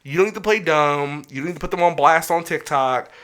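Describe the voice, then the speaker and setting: A man's voice: on the high side, brisk. Profane, heated podcast host man. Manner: animated storytelling. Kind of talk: casual podcast chat.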